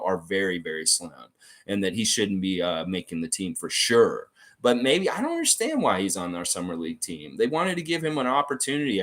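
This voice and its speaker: A man's voice: deep voice, a bit bright. A man hosting a fan livestream, reading viewer comments aloud and reacting in casual chat.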